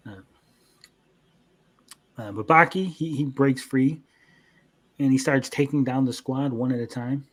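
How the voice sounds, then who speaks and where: A young man with a medium-pitched voice co-hosts an anime review show, recapping episodes in casual chat, swearing freely and slipping into quick character voices.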